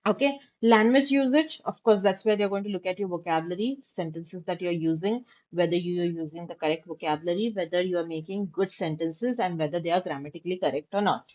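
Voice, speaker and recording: A woman's voice: lowish voice, fast talker, few pauses, a little mellow, lo-fi sound. A woman teacher giving a class lecture, stressing key words and often checking that students follow. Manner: emphatic, repeats key words, checks understanding.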